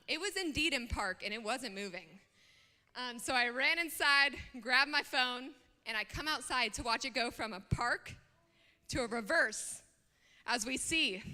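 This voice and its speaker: A young woman gives a youth talk and tells her own story in a chatty, animated way, with plenty of fillers. Her voice is very bright and slightly high. She is recorded in a large hall with a long reverb. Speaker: student speaker.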